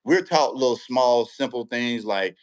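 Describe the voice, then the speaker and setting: A man, an umpire guest in a casual interview, telling lively stories and often checking in with the listener. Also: mid-range voice, measured pace. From Central Texas.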